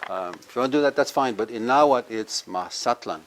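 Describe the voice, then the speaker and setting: A man's voice: mid-range voice, fast talker, a little hiss or hum. A man, a university professor, giving a live language lecture, explaining step by step and having the audience repeat words after him. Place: cultural center with a live audience.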